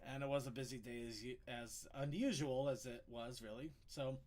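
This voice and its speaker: This podcast host has a mid-range, somewhat dark voice and talks at an ordinary speed. Running a laid-back online panel show, he wanders through the segments, laughing a lot and starting his words over.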